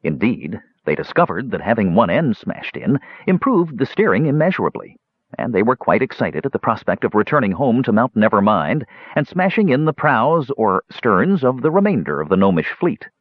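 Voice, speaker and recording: A man reading a fantasy audiobook aloud in an expressive narration. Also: medium pitch, normal speed, slightly rough, dry recording. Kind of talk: scripted narration. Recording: dull lo-fi dry recording.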